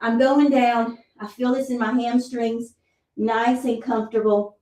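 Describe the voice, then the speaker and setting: A woman's voice: fairly high pitch, little pitch movement, measured pace, mellow. A woman leading a live workout class, counting reps aloud and encouraging the listener while out of breath. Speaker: fitness instructor. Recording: roomy sound, mic at a distance.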